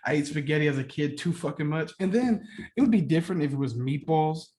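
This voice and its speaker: A young man co-hosting a podcast, telling stories in a profane, animated way during casual chat. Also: on the high side, fast talker. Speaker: podcast co-host.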